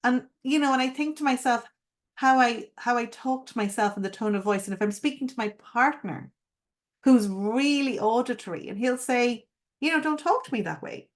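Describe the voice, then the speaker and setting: A woman's voice: a little high, normal speed. A middle-aged woman giving a live-streamed masterclass as a coach, speaking expressively and emphatically and asking the viewers direct questions. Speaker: mindset coach.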